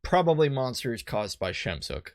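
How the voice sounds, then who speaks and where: A man's voice: mid-range voice, big pitch swings, moderate pace, no room sound. A man hosting a let's play, chatting casually and reading game text aloud with asides.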